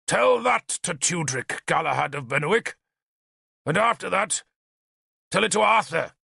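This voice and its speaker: Brief: a man voicing a vengeful warlord king in an audiobook, raised pitch, gravelly, shouted threats. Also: expressive, unhurried, no echo, clean studio sound, exaggerated voice. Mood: furious. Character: raging one-armed warlord king, cruel, vengeful.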